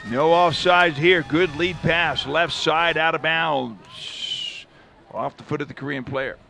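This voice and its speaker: A man's voice: a little high, fairly even intonation, slow pace, gravelly, pushed and bright, slight background noise. A man calling a live football match from a commentary booth, chatting between plays. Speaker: play-by-play commentator. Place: stadium commentary booth with air conditioner.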